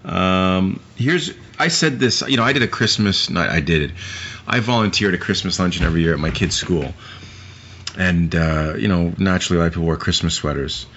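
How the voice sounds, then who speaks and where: A man's voice: low-pitched, a little fast, a bit bright. A man co-hosting a podcast, chatting casually and profanely about movies with rambling asides. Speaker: podcast co-host. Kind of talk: casual movie-review chat. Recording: muffled lo-fi recording with faint hiss.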